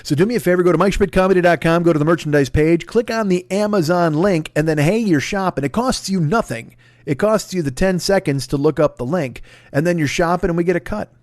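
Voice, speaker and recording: On his own podcast, a man in his forties runs through casual solo plugs, joking at his own expense and swearing along the way. His voice is high-pitched and brisk, captured dry on a close mic with no room sound.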